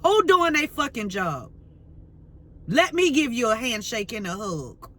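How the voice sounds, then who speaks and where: A woman's voice: a little high, very animated, unhurried, pushed and bright. A woman tarot reader ranting to camera, fiery and profane, full of slang and repeating herself as she vents. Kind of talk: heated unscripted rant to camera.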